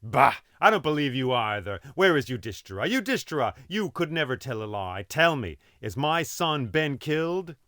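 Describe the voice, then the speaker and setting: A man's voice: mid-range voice, very animated, moderate pace, hardly any pauses, bright, forceful tone, no room sound, clean studio sound, voice pushed up. A man voicing a proud old male warrior teacher who speaks in a demanding, scornful way.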